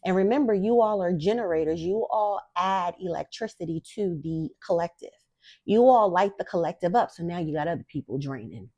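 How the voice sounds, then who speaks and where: A woman's voice: lowish voice, animated, brisk, mellow, no room sound, dull audio. A young woman hosting a spiritual talk, speaking casually to viewers with blunt, profane emphasis. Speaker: spiritual guide and host. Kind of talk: casual direct-to-camera talk.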